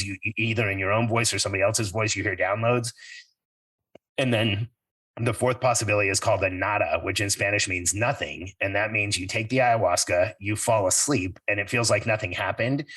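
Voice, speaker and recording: A man's voice: on the low side, bright, forceful tone, no room sound, distant mic, poor audio. A middle-aged man hosting a podcast, telling a personal story in an earnest, reflective way that turns a little emotional. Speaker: podcast host.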